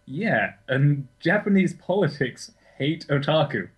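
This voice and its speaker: A man's voice: a little high, lively intonation, unhurried, husky, rough recording. A young man co-hosting a podcast in casual, sweary, self-correcting chat. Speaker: podcast co-host.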